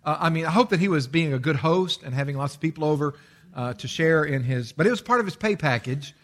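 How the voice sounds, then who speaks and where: Guy preaching a sermon, kinda high voice, leans hard on the commands, lots of uh and restarts. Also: animated, fast talker. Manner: emphatic, repeats commands with stress; explains with everyday examples, frequent "uh" and restarts. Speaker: pastor.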